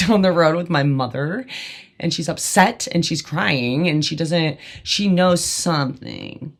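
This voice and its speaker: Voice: medium pitch, vocal fry. A podcast host telling a candid personal story in a casual, rambling way, with many fillers and emphatic bursts.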